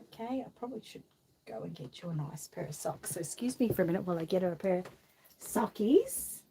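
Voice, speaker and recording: A woman's voice: lowish voice, animated, fast, gravelly, mellow, a little hiss or hum. Chatty Australian woman hosting a live stream. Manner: chatty, coaxing a doll in a fond sing-song voice; reads viewer comments aloud, laughs often. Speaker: vlog host. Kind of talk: casual live-stream chat.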